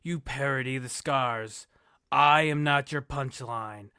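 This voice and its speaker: A man's voice: medium pitch, slow pace, pushed and bright, clear, resonant tone, dry recording, clean studio sound. Man doing a brooding, menacing wrestler. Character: brooding menacing male wrestler, grim and dramatic.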